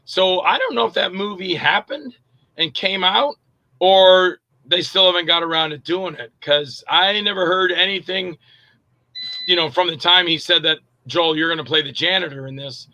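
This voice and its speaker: A middle-aged man, an actor and director, telling anecdotes in a casual interview, animated and acting out quoted voices. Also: high voice, moderate pace, no room sound, muffled recording.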